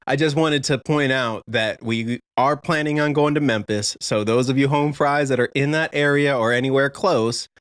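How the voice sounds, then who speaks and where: A man's voice: medium pitch, normal speed, few pauses, clear, resonant tone, dry recording, studio quality. A man co-hosting a music reaction video, chatting casually and laughing often. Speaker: reaction channel co-host. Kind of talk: casual chat.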